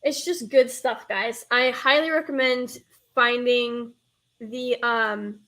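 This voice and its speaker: A young woman with a Northern US accent chats on her live stream in a fairly high voice. She rambles and stops herself mid-sentence, talking casually straight to her viewers. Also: fairly even intonation, takes it slowly, sharp tone. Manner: rambling, chatty, reads chat aloud, self-interrupting. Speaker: streamer hosting a nostalgia show.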